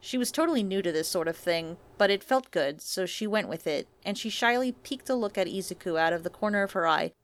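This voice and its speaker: A woman narrating romantic fan fiction in a soft, unhurried reading voice. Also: mid-range voice, lively intonation.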